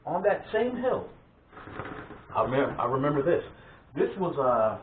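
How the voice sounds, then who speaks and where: A man hosting a vlog, casually telling family stories in an animated way, often laughing and restarting his sentences. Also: a little high, moderate pace, long pauses, noisy background. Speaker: vlog host. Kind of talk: casual storytelling of family memories. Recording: tinny phone-like sound in an echoey room.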